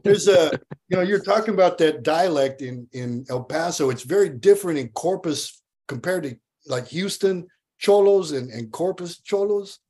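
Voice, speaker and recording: A male voice actor as a guest on a podcast, chatting in a relaxed, profane way and laughing easily. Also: fairly high pitch, normal speed, slightly rough. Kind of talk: casual podcast chat.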